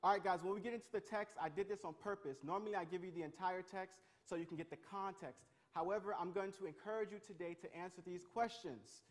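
A man leading an interactive Bible lesson, energetic and calling on his listeners. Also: high voice. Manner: energetic, calls on the crowd, quick restarts. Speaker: youth pastor.

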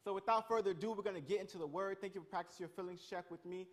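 A man leading an interactive Bible lesson, energetic and calling on his listeners. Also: sits high. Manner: energetic, calls on the crowd, quick restarts. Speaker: youth pastor.

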